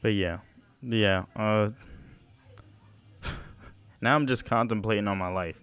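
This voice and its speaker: A man's voice: on the low side, takes it slowly, fairly bright tone, smooth. A young man hosting a casual solo podcast, telling a story in a rambling, self-mocking way with lots of slang. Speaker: podcast host.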